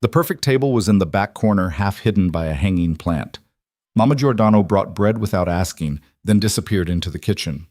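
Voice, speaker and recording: Low voiced guy reading a romance audiobook, steady, dry close mic. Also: brisk, dry recording. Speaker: narrator. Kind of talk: scripted audiobook narration.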